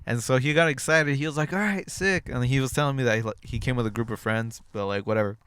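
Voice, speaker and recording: A man's voice: medium pitch, fairly even intonation, quick pace, fairly bright tone, clean tone, no echo. A young man co-hosting a podcast, telling a rambling story in casual chat with lots of fillers and restarts. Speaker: podcast co-host.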